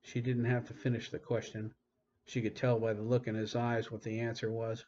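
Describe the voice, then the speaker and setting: A man's voice: medium pitch, monotone, normal speed, a little mellow, slight background noise. Man narrating an audiobook, muffled. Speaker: author reading his own novel.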